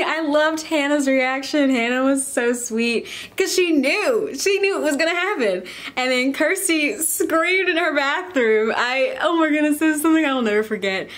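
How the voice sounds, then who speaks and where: A young woman, chatting to camera in a casual, bubbly and emotional way. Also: fairly high pitch. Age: young adult. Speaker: vlogger.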